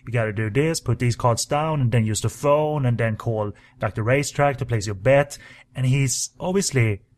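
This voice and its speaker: A man co-hosting a podcast, talking casually and enthusiastically about films, with many fillers and restarts. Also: mid-range voice. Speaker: podcast co-host. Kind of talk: casual film discussion.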